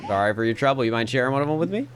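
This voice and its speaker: A man's voice: medium pitch, animated, racing, slight background noise, natural voice. A man voicing a drowsy, friendly male sea serpent with a folksy Southern accent and homespun sayings. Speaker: gamer voicing a game character.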